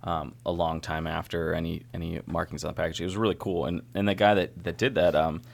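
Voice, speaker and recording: A man's voice: low-pitched, level tone, fast, creaky. A man in casual chat as a guest brewer, rambling and restarting his sentences often.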